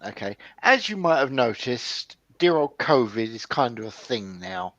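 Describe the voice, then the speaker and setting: A man's voice: medium pitch, big pitch swings, a little slow, a bit bright, dry recording, dull audio. A man hosting a casual chat with a dry, sardonic way of talking.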